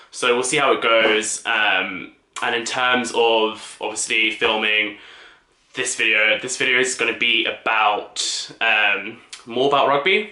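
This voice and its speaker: Young man, camp vlogger, very bright voice, echoey room. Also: medium pitch. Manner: camp, chatty, lots of fillers. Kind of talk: casual vlog chat.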